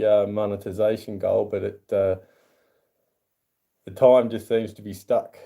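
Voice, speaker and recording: An Australian man hosting a casual livestream, chatting and reading chat aloud. He greets viewers in a raised, higher voice. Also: fairly even intonation, measured pace, gravelly, long pauses, warm tone. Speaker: livestream host.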